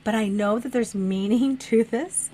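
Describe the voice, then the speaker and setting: A woman casually telling a vivid dream story in a chat, animated, swearing freely and laughing as she goes. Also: on the high side, a little slow, slight background noise. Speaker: guest sharing a dream.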